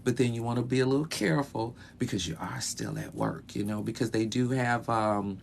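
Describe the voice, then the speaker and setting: A man speaks at an ordinary, middle pitch in a loose, conversational way, dropping easy fillers as he gives advice as a clinical sexologist. He records from inside a small bedroom closet, with a faint hum of ambience behind him. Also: brisk, vocal fry. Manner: relaxed, conversational, many "you know" fillers. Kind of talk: casual advice talk.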